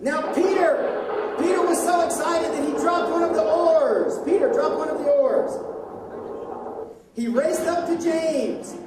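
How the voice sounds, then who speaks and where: A high-pitched woman children's ministry teacher directs a children's Bible skit in a large, echoey church hall, heard from a distant mic amid very noisy chattering kids. Unhurried, animated and coaxing, she prompts lines for the children to repeat.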